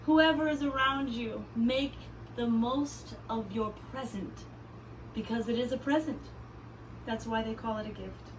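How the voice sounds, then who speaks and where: A woman teaching young children in a playful, animated way, with many excited exclamations. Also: a little high, a little slow, far from the mic, a little hiss or hum. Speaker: arts camp teacher. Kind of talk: children's lesson with pretend play.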